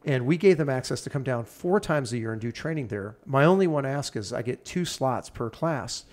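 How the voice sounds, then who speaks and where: A man's voice: mid-range voice, expressive, brisk, darkish tone. Enthusiastic rambling man. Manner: enthusiastic, rambling, piles up plans. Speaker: podcast guest. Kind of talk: casual chat.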